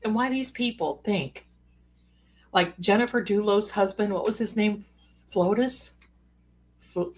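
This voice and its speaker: A woman's voice: mid-range voice, a little hiss or hum. A woman hosting a live stream as a psychic, talking casually with folksy, sassy asides. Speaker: psychic livestream host.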